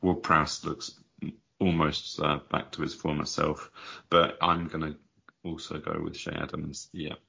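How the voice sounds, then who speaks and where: A man co-hosts a casual podcast, his voice very deep with a gravelly fry. He trips over and repeats his words, and his tense, bright-edged tone comes through muffled, lo-fi audio. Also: level tone, unhurried. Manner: stumbles and repeats words as he talks. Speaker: podcast co-host.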